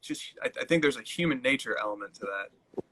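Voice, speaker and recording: A man's voice: mid-range voice, expressive, brisk, fairly bright tone, slight background noise, low-quality recording. A man co-hosting a casual live-stream chat, thoughtful and easygoing. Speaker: co-host.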